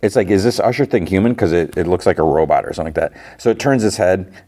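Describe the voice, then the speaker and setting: Speaking fast in a low, dark voice, a man hosting a podcast runs through a TV episode in a loose, meandering way, his talk full of "like" and "you know."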